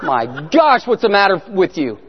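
Guy with a high voice telling his testimony loud and animated, echoey hall, kinda muffled. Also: moderate pace, slightly rough. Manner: animated storytelling, shouting prayers. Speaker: guest speaker. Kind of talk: testimony sermon.

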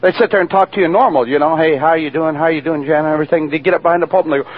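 A man's voice: a little high, very fast, few pauses. A man giving a spoken testimony in a preacher's storytelling manner, acting out the voices of the people he quotes. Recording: dull lo-fi radio recording.

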